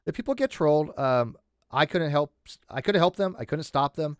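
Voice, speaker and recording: A man's voice: on the high side, lively intonation, normal speed, clear, resonant tone, no echo. Blunt, emphatic man, dry close sound. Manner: emphatic, blunt, repeats himself. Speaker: host of a livestream. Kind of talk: casual livestream chat.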